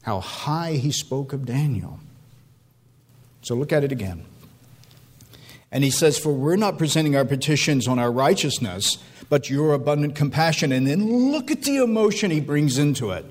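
Guy preaching, voice swings all over, kinda high, asks the crowd questions then goes quiet and low. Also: expressive, normal speed. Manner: preaching with rising emotional appeals and rhetorical questions. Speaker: pastor. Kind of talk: sermon.

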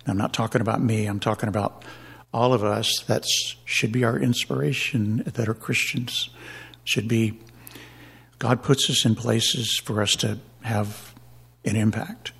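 A man's voice: lowish voice, steady tone, unhurried, gravelly, a bit bright, breathy edge. A man giving a rambling personal testimony in church, with many restarts and chuckles.

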